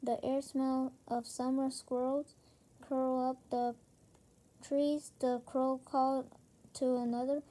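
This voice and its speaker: A woman reading a children's chapter book aloud, halting, with frequent slips and restarts. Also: high-pitched, flat delivery, dark tone. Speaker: reader.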